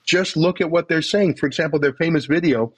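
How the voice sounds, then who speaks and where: A man speaking as an interview guest, emphatic and rapid, with mocking asides. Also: fairly high pitch, husky, no echo. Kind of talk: impassioned political commentary.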